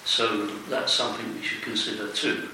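A man commenting in a Bible study discussion, speaking haltingly with many hesitations. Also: fairly low pitch, little pitch movement, vocal fry. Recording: echoey room, distant mic, faint hiss.

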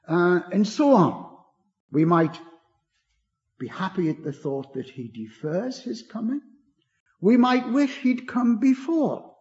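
An older man preaching a sermon, earnest and gentle, his voice rising on key words and falling away low. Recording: dull lo-fi recording.

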